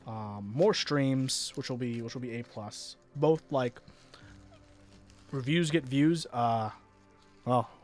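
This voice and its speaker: A man's voice: medium pitch, slow, pauses often, darkish tone. An American man chatting casually on a livestream, often restarting his sentences and answering chat. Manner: rambling, many restarts, reads chat aloud. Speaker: streamer. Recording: faint music in background.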